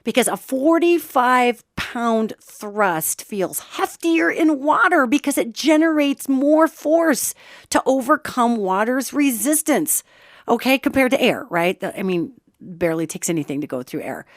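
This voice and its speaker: A woman's voice: fairly high pitch, animated, measured pace, dry recording, studio quality. A middle-aged woman hosting a solo spiritual commentary podcast, talking to listeners in an impassioned, conversational way. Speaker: host.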